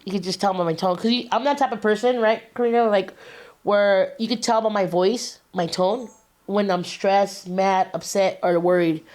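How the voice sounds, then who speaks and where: A woman's voice: mid-range voice, fairly even intonation, moderate pace, a little mellow. A woman, telling a personal story as a guest in a casual, streetwise way with slang and swearing.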